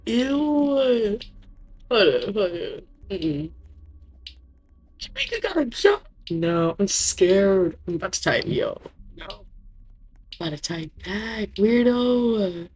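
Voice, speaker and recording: In a mid-range, husky, slightly mellow voice with a scratchy edge, a young woman gamer narrates a horror game let's play. She speaks slowly in a sing-song way, pausing often, joking about herself and giggling in asides.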